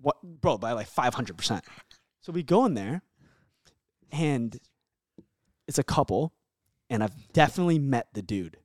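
A young man spinning loose, chatty stories as a podcast guest, filler words everywhere and swearing freely. His voice sits at an ordinary middle pitch. The sound is close and dry, with no room around it. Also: animated, moderate pace, pauses often, no room sound. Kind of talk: casual storytelling chat.

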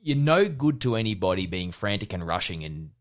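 A young man who is a podcast guest, talking in a relaxed, reflective way during a casual chat. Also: deep voice, a little fast. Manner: relaxed, reflective, with sudden outbursts when retelling.

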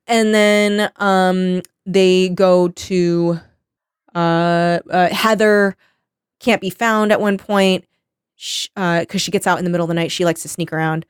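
Woman podcaster rambling through a book plot, smooth clear voice, dead dry sound. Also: on the low side, steady tone, unhurried, no room sound. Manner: rambling plot summary with quoted voices and swearing. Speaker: podcast co-host. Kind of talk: casual book recap chat.

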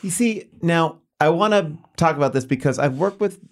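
A man's voice: fairly high pitch, lively intonation, moderate pace. A man, a guest on a comedy talk show, chiming in casually. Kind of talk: casual chat.

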